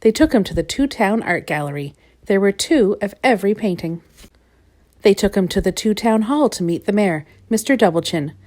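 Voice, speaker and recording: A woman's voice: mid-range voice, normal speed. Woman reading a children's story. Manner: gentle, expressive read-aloud.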